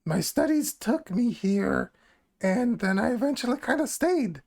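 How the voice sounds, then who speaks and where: A game master voicing a shy goblin woman, a former scholar turned worshipper, who speaks slowly and haltingly. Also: mid-range voice, animated, gravelly, a little mellow. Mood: hesitant. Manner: slow, halting, full of ums.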